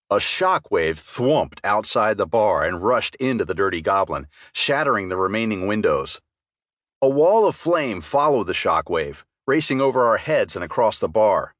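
A man's voice: on the low side, sing-song, normal speed, a bit bright, dry recording, studio quality. A man narrating a fantasy audiobook in first person with dramatic storytelling.

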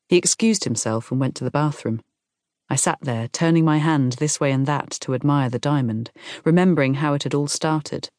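Calm woman narrating a novel. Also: sits low, fairly quick, no echo, studio quality. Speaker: audiobook narrator. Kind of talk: scripted first-person narration.

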